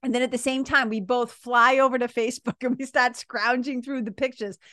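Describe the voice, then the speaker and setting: A woman around fifty tells a story in an animated, casual way. She laughs as she talks and swears freely. Her voice sits a little high, and the close mic sounds dry. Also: fairly quick, no room sound. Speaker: podcast host.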